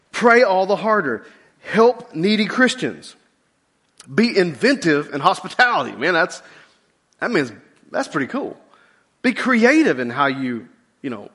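Middle-aged male pastor, slightly high voice, chatty and informal sermon delivery. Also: breathy edge. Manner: casual, conversational preaching with lively asides.

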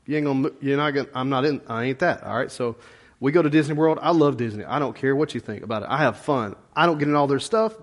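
A man's voice: medium pitch, quick pace. A middle-aged man preaching a conversational sermon as a pastor, folksy and plain-spoken, full of rhetorical questions.

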